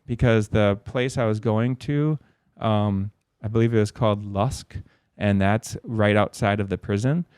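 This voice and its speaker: A man's voice: lowish voice, a little slow, hardly any pauses, a little mellow, clean tone, dry recording, clean studio sound. A man as a podcast guest, telling a long story in a rambling way, swearing a lot. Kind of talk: casual storytelling.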